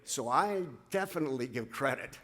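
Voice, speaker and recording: A man's voice: medium pitch, lively intonation, moderate pace, a bit bright. A middle-aged man giving an emotional speech at an awards ceremony, telling a story with many restarts and repeated words. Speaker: hall of fame presenter.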